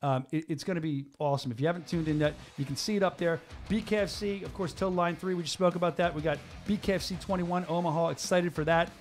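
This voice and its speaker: A higher-pitched man hosts a casual combat sports talk show. He rattles along at a rapid clip, excitable and a little scattered, with frequent restarts. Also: faint music behind. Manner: fast, excitable, stumbling restarts. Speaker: show host.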